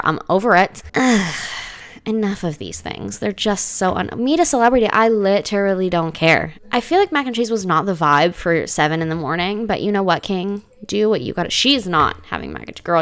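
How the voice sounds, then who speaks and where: A woman's voice: on the low side, big pitch swings, brisk, a bit bright, no echo. A woman giving casual, dramatic commentary as she plays a life-sim game, full of slangy exclamations. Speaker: gaming let's-play host.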